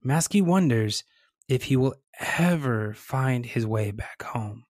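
A storyteller reading a children's story aloud in a gentle, expressive way, with lively sound words. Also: medium pitch, slow, no room sound, clean studio sound.

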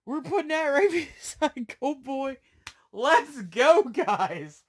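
A man's voice: extremely high pitch, big pitch swings, slow pace. A man opening trading card packs on camera, talking to his viewers in a breathless, exclamatory way. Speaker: card collecting YouTuber. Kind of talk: casual pack-opening vlog.

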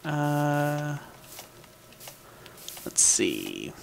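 Animated man narrating his gameplay. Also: a little high, drawn-out words, gravelly. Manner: thinks aloud, hums sound effects, talks to the game. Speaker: gaming channel host. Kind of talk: casual gameplay commentary. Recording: background noise with mouse and keyboard clicks.

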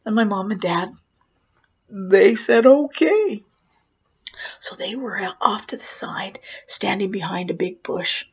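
Speaking at a measured pace, this professional clown has a husky mid-range voice, and the audio sounds dull. Her personal story is animated, with acted-out voices and sudden whispers.

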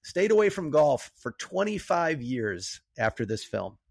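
A man with a somewhat high voice talks casually about a film as a podcast co-host. His delivery is loose and chatty, with quick bursts. The sound is dry and close, with no room echo. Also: sing-song, gravelly, slightly rough. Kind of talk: casual movie chat.

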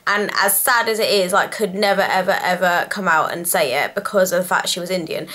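A woman in her twenties telling a storytime vlog, animated and chatty with lots of "like" fillers. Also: lowish voice, fairly quick. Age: 20s. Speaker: vlogger.

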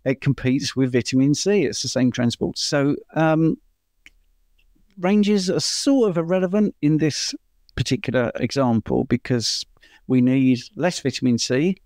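Man, medium pitch, chatty, explanatory, laughs easily, casual Q&A. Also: animated, measured pace, a little mellow, no echo, studio quality. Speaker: doctor answering viewer questions. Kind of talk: casual Q&A chat.

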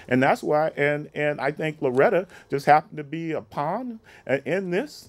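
A man being interviewed, recounting events conversationally and acting out the dialogue he quotes. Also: on the high side. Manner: animated retelling, acts out quoted dialogue. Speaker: interview guest, former mayoral policy advisor.

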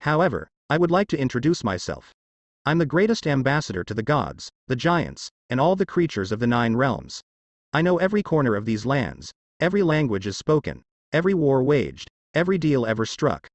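A man's voice: mid-range voice, very animated, a little fast, no room sound. A man voicing a pompous talking head. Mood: grand. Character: talking severed head, wise, dry, self-important.

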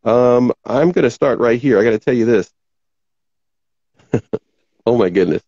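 A man hosting a talk show, rambling casually as he reads out viewer comments, his voice going hoarse. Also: mid-range voice, measured pace, dark tone, dry recording, muffled recording. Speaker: podcast host.

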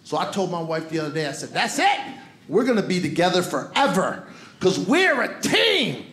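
High-voiced Brooklyn comic on a roomy stage. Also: male voice, very animated, moderate pace, a bit bright. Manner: punchy, playful delivery with crowd asides. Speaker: stand-up comedian. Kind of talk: stand-up comedy set. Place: comedy club stage before a live audience. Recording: roomy live venue with crowd noise.

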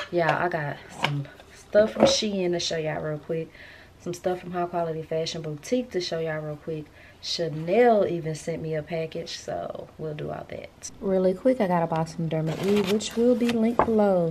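A woman's voice: fairly low pitch, a little slow, background noise. A woman vlogging in a casual, chatty way, speaking straight to her viewers with lots of slang and energy as she goes about her errands and then talks from home. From Texas.

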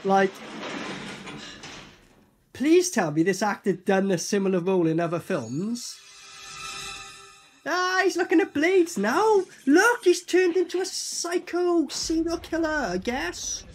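Animated British man reacting to a film. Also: very high voice, takes it slowly, long pauses, soft background music. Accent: British English. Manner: animated, swearing, laughing, repeats film lines. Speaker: movie reaction host. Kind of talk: casual film reaction commentary.

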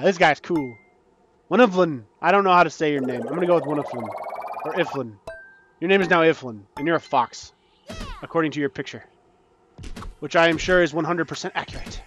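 A man casually commenting on his own gameplay, swinging between low muttering and frantic panicked outbursts. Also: fairly bright tone, slight background noise. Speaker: gaming channel host.

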